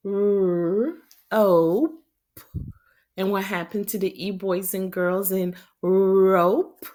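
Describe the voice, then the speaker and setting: A middle-aged Haitian woman teaching young children phonics, sounding out letters and words slowly and clearly. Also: on the low side, darkish tone.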